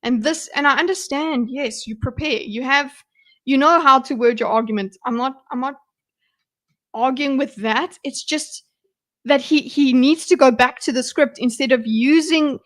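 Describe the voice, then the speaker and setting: A woman's voice: sits high, moderate pace. A woman hosting a livestream, reacting to a debate in blunt, exasperated commentary full of swearing. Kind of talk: casual commentary.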